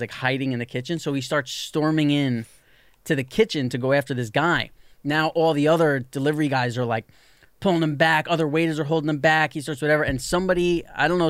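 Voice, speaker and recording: Man telling an animated anecdote. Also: on the high side, no room sound, studio quality. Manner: animated storyteller, lots of "like", acts out quoted people. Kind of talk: casual storytelling chat.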